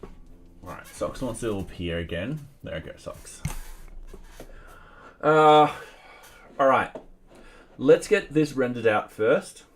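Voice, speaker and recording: A man giving casual think-aloud commentary as he codes at home, pausing and restarting mid-sentence and now and then chatting to his cat. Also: mid-range voice, expressive, a little hiss or hum. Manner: chats to his cat between tasks. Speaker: software developer streaming his coding. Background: faint music and keyboard typing.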